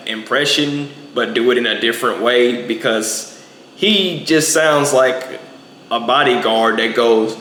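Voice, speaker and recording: A man's voice: medium pitch, fairly bright tone, reverberant, a little hiss or hum. A young man giving a casual, rambling movie review, packing in lots of filler words.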